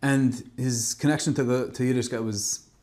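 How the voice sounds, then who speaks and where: A man's voice: mid-range voice, fairly even intonation, moderate pace. Man telling a story in a sermon. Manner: dramatic, swinging between loud emphasis and hushed tones. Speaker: speaker giving a Torah talk.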